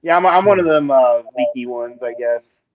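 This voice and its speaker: A man's voice: mid-range voice, moderate pace, no room sound. A man co-hosting a streamed chat show, rambling enthusiastically through his stories. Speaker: podcast co-host. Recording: dull lo-fi stream mic.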